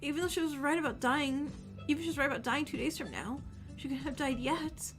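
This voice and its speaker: An anxious young game hero who pleads earnestly and frets over a friend, as a woman reads him aloud. The voice is fairly high-pitched and stays close to a natural speaking voice, with faint music underneath. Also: fast, close to an everyday voice. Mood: narrating. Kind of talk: reading game dialogue aloud.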